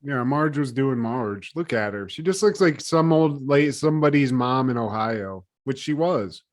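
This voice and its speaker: Man, podcast co-host, casual chat, profane, animated storytelling, mid-pitched voice. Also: moderate pace. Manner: loose, profane, animated retelling.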